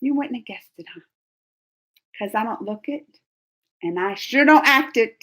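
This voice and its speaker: A woman in her forties hosting a casual livestream, chatting with viewers in a rambling, animated way and laughing often. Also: fairly high pitch, moderate pace. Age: 40s. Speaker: livestream host reading chat. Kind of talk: casual live chat.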